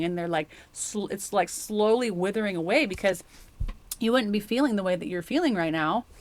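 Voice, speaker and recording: A woman's voice: medium pitch, slight background noise. A woman giving a casual, rambling tarot reading that speaks straight to the viewer. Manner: rambling, chatty, addresses the viewer directly. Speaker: tarot reader.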